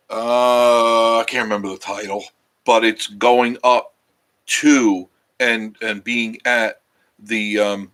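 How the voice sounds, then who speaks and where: A man's voice: on the low side, a bit bright. A man hosting a casual travel vlog, chatting with his viewers and rambling and losing his train of thought because he is tired, sitting on a couch in a cabin. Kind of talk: casual live-stream chat with viewers.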